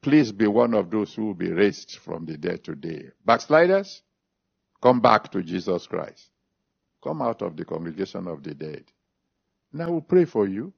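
Gravelly man preaching a fiery sermon. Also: big pitch swings. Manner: emphatic preaching with big pitch swings, slow drawn-out phrases. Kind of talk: sermon with altar call and prayer. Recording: dull lo-fi recording.

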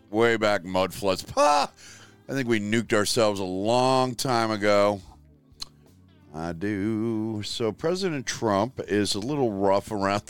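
A man hosting a casual livestream, rambling and animated, laughing often with big swings in his voice. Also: mid-range voice, smooth, dry recording. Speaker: livestream host.

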